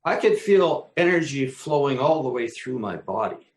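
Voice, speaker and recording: Man, animated storyteller, acts out his exclamations, casual swearing, echoey room. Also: medium pitch, moderate pace. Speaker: co-host.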